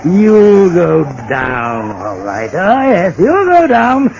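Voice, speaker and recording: An actor with an Australian accent playing an unhinged, vengeful bridge worker who taunts and gloats, in 1940s radio acting style. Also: male voice, high-pitched, huge pitch swings, vocal fry, a little mellow, full character voice. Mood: menacing. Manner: taunting, gloating, drawn-out menace. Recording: dull old radio transcription with faint hiss.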